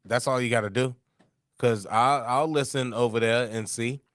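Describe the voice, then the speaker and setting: A man's voice: mid-range voice, steady tone, normal speed, a bit bright, no echo, studio quality. A man co-hosting a livestream, talking in long rambling runs and laughing as he goes. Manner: laughs as he talks, rambling, easygoing. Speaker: podcast co-host. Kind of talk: livestream reaction talk.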